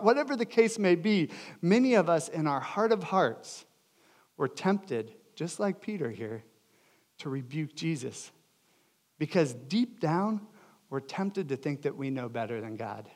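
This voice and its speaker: Earnest pastor with a higher voice. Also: male voice, expressive, measured pace. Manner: earnest, emphatic, swings between loud and hushed. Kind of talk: sermon.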